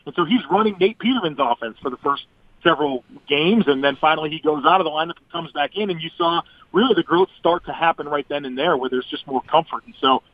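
A man's voice: a little high, lively intonation, fast, no room sound. Analytical man on a tinny phone line. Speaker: guest draft analyst. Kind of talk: sports radio phone interview.

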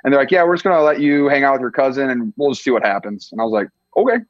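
A man's voice: mid-range voice, expressive, rapid-fire, no echo, muffled recording. A young man from the US Midwest, a football player chatting as a guest, laid-back and full of filler words. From Iowa, US Midwest. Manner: laid-back, peppered with "like" and "dude". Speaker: podcast guest, tight end. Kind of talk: casual chat.

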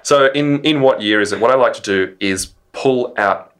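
A man's voice: medium pitch, moderate pace, a bit bright, a little hiss or hum. An Australian man hosting a casual science podcast, chatty and enthusiastic, laughing easily with his co-host, with music in the background.

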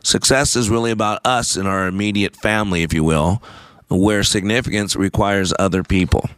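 A man's voice: lowish voice, steady tone, normal speed, fairly bright tone, clean tone, no echo. A man hosting a radio show, talking in an emphatic, repetitive, sermon-like way. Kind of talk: preachy talk radio monologue.

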